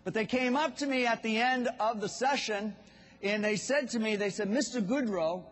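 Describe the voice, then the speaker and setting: A man's voice: very high voice, fairly even intonation, moderate pace, a bit bright. A man with a Boston accent giving a motivational business seminar talk, telling stories and addressing the audience directly. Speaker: business speaker. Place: event hall. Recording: long hall reverb.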